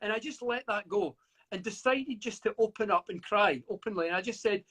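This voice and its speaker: A man's voice: high-pitched, fairly quick, fairly bright tone, slightly rough. A middle-aged man from the UK, a guest author reflecting at length in an interview, often stammering and restarting. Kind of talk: interview over a live video call.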